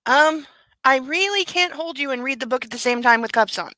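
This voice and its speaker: A woman's voice: high-pitched, brisk, sharp tone, no room sound, poor audio. A woman hosting a comedic book club at home, reading aloud and breaking off for casual, sarcastic asides.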